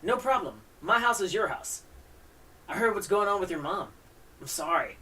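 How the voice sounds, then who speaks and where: A woman's voice: lowish voice, sing-song, moderate pace, pushed and bright, recorded from a distance, pitched above the performer's own voice. A woman voicing a friendly middle-aged father who collects artifacts, in a chatty, upbeat manner.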